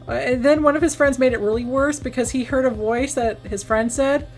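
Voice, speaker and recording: A woman's voice: high voice, fairly even intonation, fairly quick, darkish tone, soft background music. A woman streaming a game and chatting casually, rambling with restarts and acting out quoted lines. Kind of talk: casual live-stream chat while gaming.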